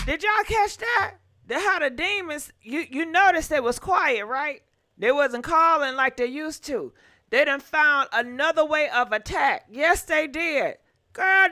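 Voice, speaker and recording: A woman hosting a casual gossip livestream, animated and profane, talking straight to her viewers. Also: sits high.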